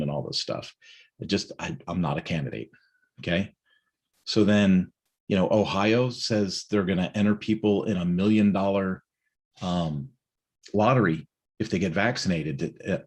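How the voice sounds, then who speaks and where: Husky man rambling through a morning check-in. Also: sits low, moderate pace, darkish tone. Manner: rambling, conversational, many fillers and tag questions. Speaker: host of a morning check-in live stream. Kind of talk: casual personal monologue.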